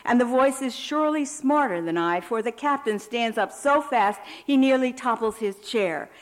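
A woman reading her own personal prison essay aloud in a measured, wry manner. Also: on the high side, expressive.

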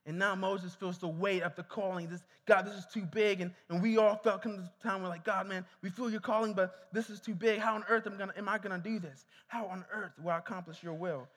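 Man, preacher, high bright voice, repeats himself, long hall echo. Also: fairly even intonation, brisk, hardly any pauses. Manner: repeats himself, calls on congregation to respond. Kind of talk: sermon. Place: church hall. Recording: reverberant hall.

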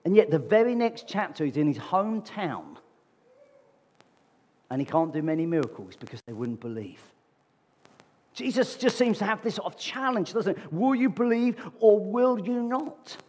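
A preacher in a church meeting hall delivers his sermon in a husky, slightly raised voice that is a little high and darkish, with big pitch swings. He speaks at a moderate pace with long pauses, chatting with the congregation and repeatedly asking rhetorical questions, while a large hall's long reverb follows his words.

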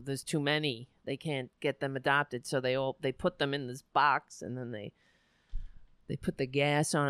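A woman host talking on air in a smooth, clear voice, recorded close and dry. She rambles and restarts, her words dropping to soft murmurs, and she sounds close to tears. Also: extremely low pitch, no echo. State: near tears. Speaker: talk show host. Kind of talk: casual on-air monologue.

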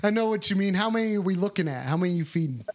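A man's voice: high-pitched, lively intonation, racing. A man taking a call who mocks and argues with the caller in a comedic bit. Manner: trolling, mocking, argumentative. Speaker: host taking calls.

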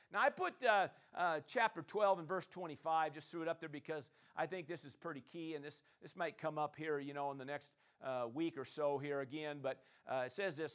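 A man preaching a sermon, calling on the congregation to answer and swinging between loud declarations and quiet asides. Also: a little high. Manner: call-and-response preaching, swings from loud to soft. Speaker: pastor.

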